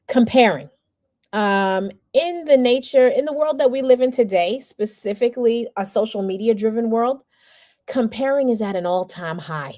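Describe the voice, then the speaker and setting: A woman's voice: mid-range voice, dark tone, no echo, clean studio sound. Candid woman coach telling her story. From New York area. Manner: candid, storytelling, acts out quoted people. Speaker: PR and communications coach. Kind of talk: masterclass talk with personal story.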